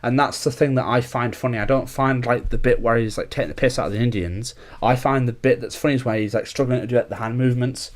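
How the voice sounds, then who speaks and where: A young man hosting a casual podcast chat. He rambles from one thought to the next, packing his talk with filler words at a middling pitch. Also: fairly even intonation, quick pace, few pauses. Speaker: podcast host.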